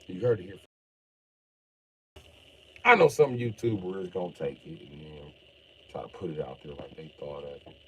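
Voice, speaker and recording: A middle-aged man ranting bluntly and profanely on a live stream, jumping from mutters to sudden shouts while joking around. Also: sits low, moderate pace, pauses often, slightly rough, poor audio. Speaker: livestreamer.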